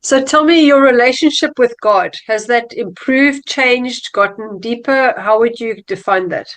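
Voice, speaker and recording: Woman, interview host, measured questions, brief replies, slightly high voice. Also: fairly bright tone.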